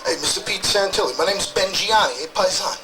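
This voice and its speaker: A man's voice: high-pitched, brisk, background noise. A man from New Jersey with a Jersey accent, a protester ranting animatedly outdoors. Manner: animated, conspiratorial rant.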